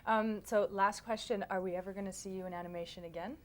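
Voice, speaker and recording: A woman's voice: medium pitch, fairly even intonation, quick pace. A female entertainment interviewer asking friendly questions in an upbeat way, laughing along with her guest.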